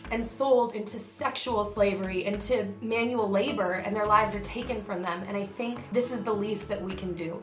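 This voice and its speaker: A woman's voice: mid-range voice, fairly bright tone, echoey room. A woman vlogger talking straight to her viewers, earnest and emphatic, about a cause close to her heart. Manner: earnest, emphatic, grows emotional. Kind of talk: heartfelt direct-to-camera vlog.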